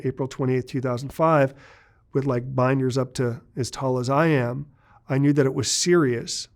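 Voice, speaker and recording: A man in his forties talks through his past in a sit-down interview, earnest and confessional. His voice sits at an ordinary middle pitch, and he stumbles into restarts when the story gets hard. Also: creaky, darkish tone. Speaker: interview guest.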